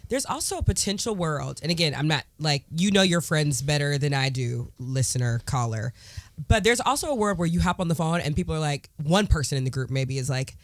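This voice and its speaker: A man co-hosting a podcast in casual chat, bouncy and quick to laugh. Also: a little high, expressive, dry recording. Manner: laughs easily, bouncy delivery. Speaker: podcast co-host.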